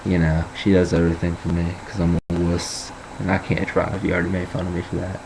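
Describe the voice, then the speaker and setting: A young man rambles through a casual vlog, cracking jokes and boasting as he goes. His voice is very deep. A faint hiss sits under the recording. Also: completely flat delivery, a little fast.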